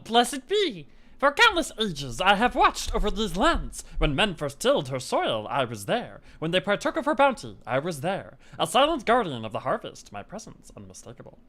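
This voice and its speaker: Man putting on an ancient corn spirit, male, game character, grand old-fashioned speech, high and lively pitch. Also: exaggerated voice. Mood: grandiose. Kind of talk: reading game dialogue aloud in character.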